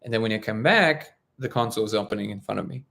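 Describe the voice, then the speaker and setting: Man, gravelly voice, halting casual live-stream talk, lots of restarts. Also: lowish voice, fairly bright tone. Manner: halting, many restarts and fillers. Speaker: host of a live discussion stream.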